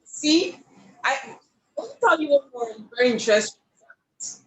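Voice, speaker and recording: Animated woman in an echoey room. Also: sits high, unhurried. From Nigeria. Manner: animated, expressive storyteller with frequent laughs. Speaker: painter, podcast guest. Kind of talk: casual storytelling interview. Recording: echoey room with faint ambience.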